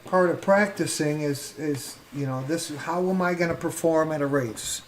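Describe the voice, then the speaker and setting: A man hosting a relaxed, casual chat during drone race practice, laughing easily. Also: fairly high pitch, moderate pace, a little hiss or hum. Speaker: host.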